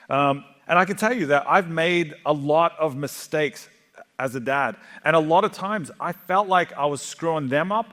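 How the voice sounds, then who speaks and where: A middle-aged Australian man giving a joking, animated keynote talk to a live audience in a large hall. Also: on the high side. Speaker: conference speaker.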